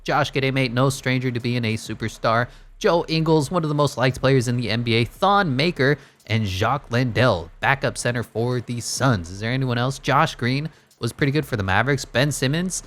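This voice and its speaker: Male gaming commentator, mid-pitched, dry sarcastic play-by-play with mock-announcer flair. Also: lively intonation, fairly quick, fairly bright tone. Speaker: gaming YouTuber.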